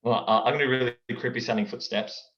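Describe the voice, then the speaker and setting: A man's voice: medium pitch, steady tone, fast, fairly bright tone. A young man chatting as a guest on a video call. He is playful and often repeats words as he starts a sentence. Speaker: guest comedian and impressionist. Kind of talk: casual chat over a call. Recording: dull lo-fi call audio.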